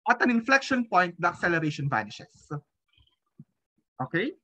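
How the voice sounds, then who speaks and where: A man's voice: high voice, big pitch swings, normal speed, pushed and bright, highs cut off. A man with a Filipino accent teaching a physics class, mixing English and Tagalog and checking in with the students. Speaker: physics lecturer. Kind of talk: live class lecture.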